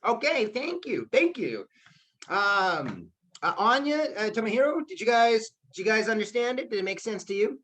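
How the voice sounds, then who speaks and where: A male teacher leading a live class over a video call. He talks in a loose, chatty way and keeps checking in with his students with a quick "okay?". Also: high-pitched, big pitch swings, a bit bright. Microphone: computer mic on a video call.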